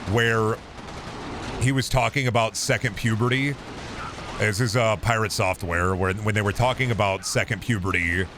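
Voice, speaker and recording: A man in his thirties with a deep, trained voice, chatting casually on stream, rambling with lots of restarts and the odd swear. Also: pushed and bright, a little hiss or hum. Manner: trained performance voice.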